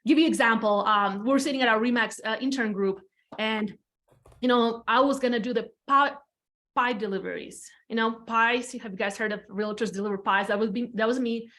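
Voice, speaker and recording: Latvian-accented woman in her 30s, kinda high voice, chatty and blunt, drops a swear here and there. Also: brisk, fairly bright tone. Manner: frank and chatty, swears casually, repeats phrases for emphasis. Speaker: podcast guest, real estate team leader. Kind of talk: candid storytelling chat.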